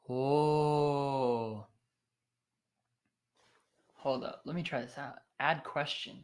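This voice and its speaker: A young man hosting a worship livestream in casual chat, excitable and thinking aloud with plenty of fillers. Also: medium pitch, drawn-out words, long pauses.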